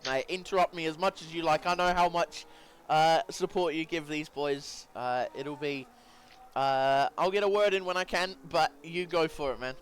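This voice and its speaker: A man's voice: on the high side, fairly even intonation, normal speed, a little hiss or hum. A man co-commentating a sim racing session, easygoing, laughing along and reading out the timings. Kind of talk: live esports co-commentary.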